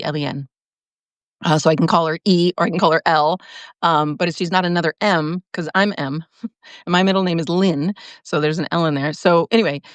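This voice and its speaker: A woman's voice: on the low side, no echo. A woman hosting a casual livestream, talking in a rambling stream of consciousness with restarts and frequent laughter. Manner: many restarts and fillers. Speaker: podcast host.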